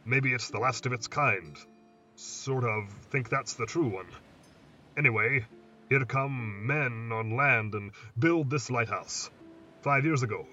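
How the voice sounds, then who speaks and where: Guy doing an old lighthouse keeper, slow hushed musing, kinda far off and muffled. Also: medium pitch. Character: weathered old male lighthouse keeper, brooding. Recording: distant muffled mic, faint hiss.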